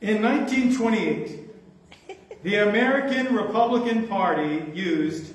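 A man preaching a sermon in an animated, conversational way, joking with his congregation. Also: sits high, unhurried, a little hiss or hum. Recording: echoey hall, mic from far off.

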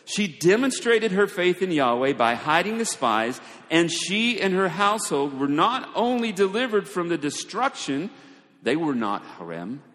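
A man preaching a sermon, shifting between quiet asides and raised, emphatic lines. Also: fairly high pitch. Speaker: pastor. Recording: long hall reverb.

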